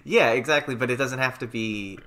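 Bright-voiced easygoing young man. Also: medium pitch, fairly quick, slight background noise. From California. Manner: easygoing, laughs often, agreeable. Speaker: podcast co-host. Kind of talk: casual chat.

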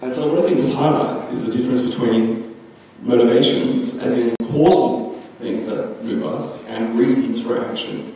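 In a large, echoey lecture hall recorded from far away, a young man presents a philosophy talk at a conference in a relaxed, chatty style, often saying um. His mellow, medium-pitched voice runs at normal speed with hardly any pauses, over slight background noise.

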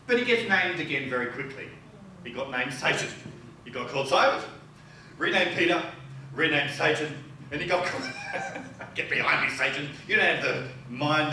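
A man preaching a sermon as pastor, animated and playful, acting out the people he quotes. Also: fairly high pitch. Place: church sanctuary. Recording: echoey church hall from far off, audible noise.

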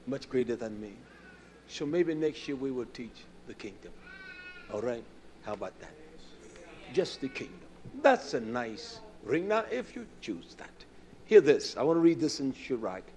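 A man in his fifties preaching a sermon, swinging between loud outbursts and quiet low asides. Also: a little hiss or hum. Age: 50s. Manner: impassioned, swinging from shouts to low murmurs.

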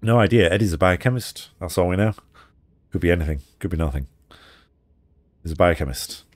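A man voicing a weary male raccoon private eye in a low-key, tired manner. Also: lively intonation, a little fast, no room sound.

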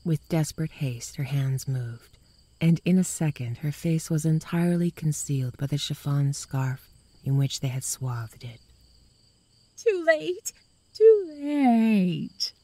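A woman with a bass voice reads a scripted ghost story at normal speed, her delivery hushed and breathy and often dropping to a whisper. There's no echo.

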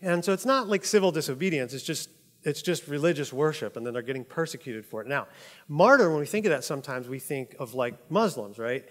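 A man preaches in a relaxed, conversational way, often laughing and checking in with his listeners. His voice sits a little high for a man. The sound carries the long reverb of a large hall. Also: fairly quick. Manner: chatty, laughs often, says "like" and "right?" a lot. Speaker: pastor. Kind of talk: casual conversational sermon.

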